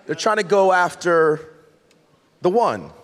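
A man's voice: high-pitched, big pitch swings, takes it slowly. A man preaching a casual, joking sermon, talking loosely with slangy asides and restarts, in a large church auditorium. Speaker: pastor. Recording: long hall reverb from the sanctuary.

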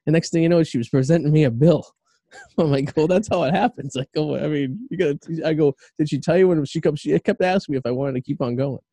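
A man from the Boston area tells a rambling, profane story on a podcast, breaking into laughter along the way. His voice is relaxed and mellow, and it is recorded dry and close with no room sound. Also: on the high side, fast, no echo. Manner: profane, laughing anecdotes with acted quotes. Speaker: podcast host.

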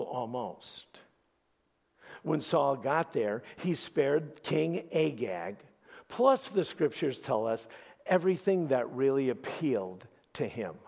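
A male pastor preaching a sermon as an animated storyteller with dramatic pauses. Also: a little high, creaky, slightly rough.

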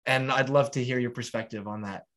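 A man's voice: medium pitch, fairly even intonation, a little fast, fairly bright tone. A man hosting a podcast, speaking earnestly and reflectively while setting up long questions. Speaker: podcast host. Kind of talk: casual interview.

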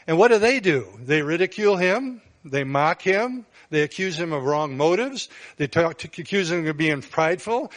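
A man's voice: lively intonation, moderate pace, fairly bright tone. A man preaching a sermon as pastor, earnest, with bursts of emphasis. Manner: earnest, rises in pitch and volume for emphasis.

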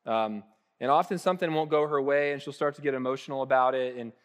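A man in his thirties preaching in an easygoing, conversational way at a medium pitch. He jumps into quick acted-out voices and then drops to a soft, gentle hush. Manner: casual and animated, acting out little voices, with laughs and soft hushed asides. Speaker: pastor. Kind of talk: conversational sermon.

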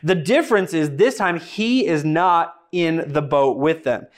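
A young man delivers a sermon in a high, lively voice. He preaches emphatically, leaning on dramatic pauses and quick bursts of humor. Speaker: pastor.

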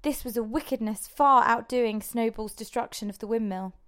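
A woman narrating an audiobook in a measured, steady way. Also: on the high side.

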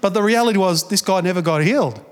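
A man's voice: sits high, fast talker. Chatty male pastor in an echoey hall. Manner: casual, chatty storytelling with many restarts and acted-out quotes. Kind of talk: sermon storytelling.

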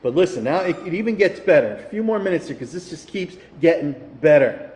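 Male pastor, fervent sermon, slightly high voice, roomy reverberant church sound. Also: animated, brisk, a little mellow. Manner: rising to fervent, emphatic preaching. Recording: echoey hall, reverberant.

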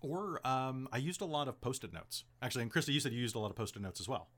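A man in casual podcast talk, rambling through game-master advice with plenty of "like" and "um". His pitch swings up and down as he talks. The voice sits at an ordinary middle pitch. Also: animated, fast talker, a bit bright. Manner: chatty, rambling, heavy use of "like" and "um".

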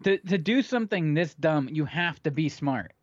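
A man's voice: on the high side, expressive, normal speed, no echo, dull audio. A man co-hosting a casual podcast about movies, talking with enthusiasm and rambling restarts. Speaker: podcast co-host.

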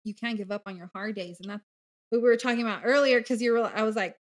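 A woman speaking as a podcast guest in candid, casual conversation, animated and blunt, swearing freely. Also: on the high side, quick pace. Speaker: podcast guest, bariatric coach.

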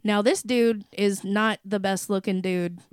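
A woman's voice: mid-range voice, measured pace, clean tone, dry recording, studio quality. A woman co-hosting a podcast in casual chat, telling stories with energy and swearing freely. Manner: animated storytelling, swears freely. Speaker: podcast co-host.

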